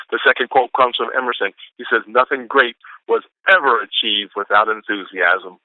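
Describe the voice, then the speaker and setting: A man's voice: lowish voice, a little fast, no room sound. A man from Atlanta, Georgia, giving a whooping, preacher-like motivational pep talk on a conference call. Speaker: caller sharing quotes. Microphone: telephone. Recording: tinny phone line, dry.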